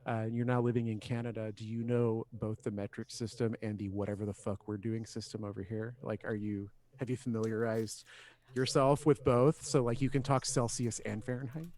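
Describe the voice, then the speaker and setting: A man's voice: fairly low pitch, flat delivery, normal speed, a little mellow. A man co-hosting a podcast in casual chat, rambling with frequent restarts and swearing. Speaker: podcast co-host.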